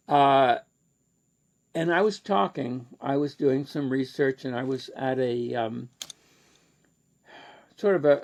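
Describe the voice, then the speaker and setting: Slow, gravelly Canadian man telling a story. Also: mid-range voice, a little mellow. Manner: rambling, many fillers and restarts. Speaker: lecturer. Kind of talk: casual storytelling lecture.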